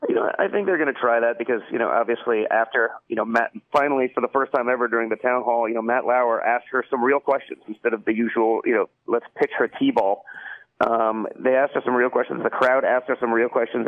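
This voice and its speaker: A man's voice: medium pitch, fairly even intonation, fast. Casting: heated male radio guest, full of "you know", narrow phone-line sound. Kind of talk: radio interview.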